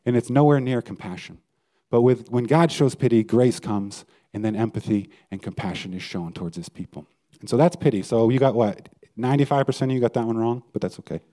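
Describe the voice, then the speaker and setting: A male pastor delivers a conversational sermon, stopping to put questions to his listeners. His medium-pitched voice is mellow, and he keeps a brisk pace.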